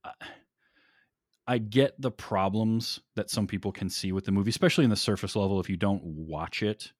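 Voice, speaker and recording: A man's voice: on the low side, normal speed, husky, no echo, clean studio sound. A man co-hosting a casual movie discussion, enthusiastic and rambling, laughing often. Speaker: podcast co-host.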